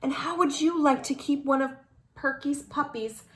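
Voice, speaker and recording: A woman's voice: high voice, fairly even intonation, normal speed, a bit bright, pitched above the performer's own voice. A woman doing a gushing, fussy dog owner.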